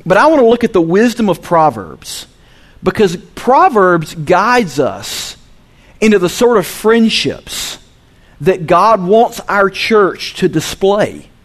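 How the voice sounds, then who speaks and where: This sermon comes from a Southern US pastor speaking slowly to his congregation, his voice lively and high-pitched. Quiet, low asides give way to loud, emphatic high points.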